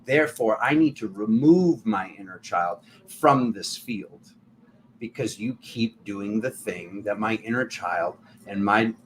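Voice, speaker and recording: A man hosting a tarot channel, giving a casual spiritual talk in a rambling, animated way full of restarts and fillers. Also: lowish voice, slight background noise.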